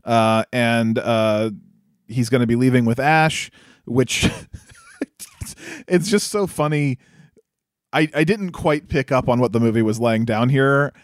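A man's voice: medium pitch, slow, long pauses, dry recording, studio quality. A man co-hosting a podcast, casually recapping a movie, laughing often, swearing and acting out the characters' lines. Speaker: podcast co-host.

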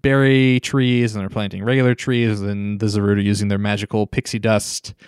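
A man's voice: lowish voice, flat delivery, normal speed, clear, resonant tone, no echo, clean studio sound. A man co-hosting a podcast, casually retelling a movie scene, rambling with lots of "like" and laughing. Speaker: podcast co-host. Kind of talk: casual movie recap chat.

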